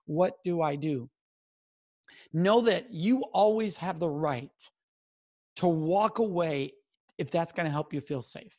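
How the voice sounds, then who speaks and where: A man's voice: a little high, slow pace, long pauses, a little mellow. A middle-aged man speaking straight to his listeners, coaching them in an earnest way on what to say and stressing key words. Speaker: speaker on sexual assault prevention. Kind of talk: direct-to-camera advice talk.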